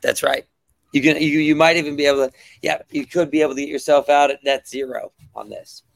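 A man's voice: on the high side, steady tone, fairly quick, vocal fry, dry recording. A man, a comic creator, talking enthusiastically about his project as a podcast guest, with lots of ums and restarts. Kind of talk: casual podcast chat.

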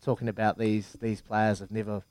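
A man's voice: fairly low pitch, normal speed, no echo. A man in his thirties, a former rugby player, chatting on a podcast and telling stories with lots of repeats and friendly asides. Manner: animated storyteller, many repeats and "mate". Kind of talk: casual podcast chat.

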